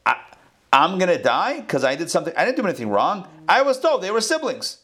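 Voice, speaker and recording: A man doing an ancient king caught in a scandal, pleading and incredulous. His voice jumps up high and leaps around as he insists he did nothing wrong. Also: wildly swooping pitch, quick pace, a bit bright, full character voice. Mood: indignant. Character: indignant ancient male king protesting innocence.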